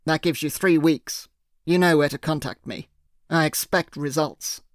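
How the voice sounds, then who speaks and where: A man voicing a cool male handler who speaks in a measured, demanding way. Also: fairly high pitch, fairly even intonation, no echo, studio quality, close to an everyday voice.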